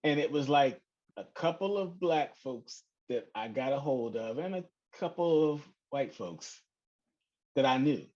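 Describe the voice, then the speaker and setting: A man in casual podcast chat, with an easygoing, drawn-out delivery. The sound is muffled and lo-fi, with a dull top end. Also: medium pitch, animated, a little mellow. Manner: loose, conversational, drawn-out phrasing. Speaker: podcast co-host.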